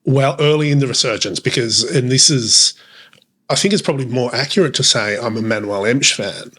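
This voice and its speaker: A man's voice: medium pitch, fairly quick, a bit bright, breathy edge. A man co-hosting a casual podcast chat, rambling along with plenty of fillers and restarts. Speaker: podcast co-host.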